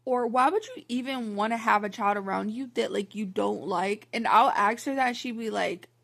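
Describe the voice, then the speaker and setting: Speaking to camera at a moderate pace, a young woman vlogger with a slightly high, bright, creaky voice shares a personal story. It's a rambling, blunt, fed-up storytime monologue heavy with "like" fillers.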